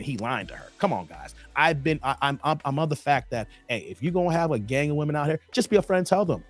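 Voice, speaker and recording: Chatty male livestream commentary host. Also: fairly high pitch. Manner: chatty, reads chat aloud, repeats phrases. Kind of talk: livestream commentary reacting to clips.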